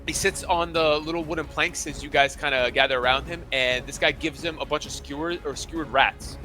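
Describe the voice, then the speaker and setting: A man runs a tabletop adventure as game master, his voice bright and forceful. He sits slightly high for a man and rambles loosely, pausing on fillers as he describes the scene. Faint music plays underneath. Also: fairly even intonation.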